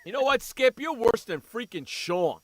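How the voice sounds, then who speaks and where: A man with a high, very animated voice rants on a sports talk radio show. He is blunt and profane, jumping up and down in pitch as he argues. The sound is dry and close to the mic. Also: normal speed, no room sound.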